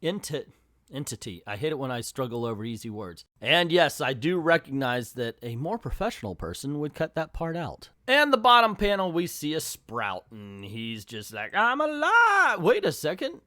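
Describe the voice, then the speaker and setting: A man's voice: mid-range voice, very animated, moderate pace, sharp tone, dry recording, studio quality. A man hosting a casual comic book recap, chatty and self-deprecating, who reads the panels aloud and voices the characters when quoting them. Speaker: comics channel host.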